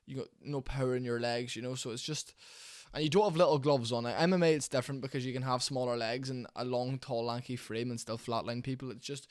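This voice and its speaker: A man's voice: medium pitch, steady tone, quick pace, few pauses, dry recording, studio quality. A man giving rambling, candid boxing commentary at home, full of fillers and restarts. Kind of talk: casual opinionated commentary. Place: warm room at home.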